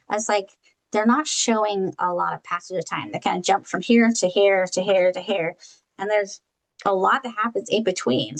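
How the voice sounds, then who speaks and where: Mid-pitched woman, casual podcast co-host. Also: rough recording. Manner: conversational, hedging with fillers. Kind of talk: casual book-and-film review chat.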